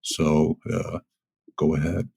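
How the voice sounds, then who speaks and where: A man hosting a podcast, asking questions and thanking his guest in a measured, polite way. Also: very deep voice, flat delivery, vocal fry, mellow, husky. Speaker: podcast host. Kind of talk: interview hosting.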